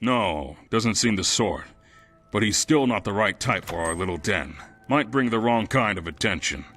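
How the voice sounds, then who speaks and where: A sly, scheming thug from a fantasy video game, voiced by a man. His voice is fairly low, with faint music behind. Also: expressive, moderate pace, fairly bright tone.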